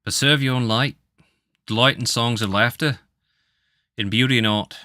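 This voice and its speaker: A man's voice: mid-range voice, moderate pace, pushed and bright, no room sound, natural voice. A tired man voicing a male mentor spirit who recites a paladin oath, barely changing his own voice. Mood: solemn. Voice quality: tired, no accent attempted. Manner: solemn, reciting an oath line by line.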